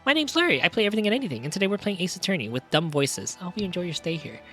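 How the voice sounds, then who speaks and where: A man on a casual livestream, cracking crude jokes and swearing freely. His pitch jumps around a great deal as he talks. Faint music plays underneath him. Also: big pitch swings, very fast. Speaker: streamer.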